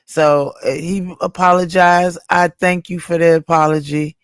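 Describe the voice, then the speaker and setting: A woman's voice: fairly low pitch, steady tone, measured pace, smooth, no room sound, studio quality. A woman on a livestream panel, talking earnestly and making peace. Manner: earnest, conciliatory. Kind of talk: casual chat.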